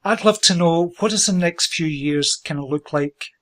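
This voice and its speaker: A man's voice: fairly high pitch, a bit bright. A man hosting an interview, enthusiastic and encouraging as he asks his guest questions. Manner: enthusiastic, encouraging, quick to praise. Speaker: interview host. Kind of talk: conversational interview.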